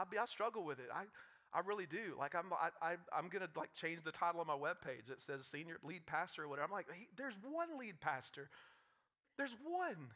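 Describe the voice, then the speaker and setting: A man preaching a live sermon as pastor, animated and full of quick restarts and asides. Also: fairly high pitch.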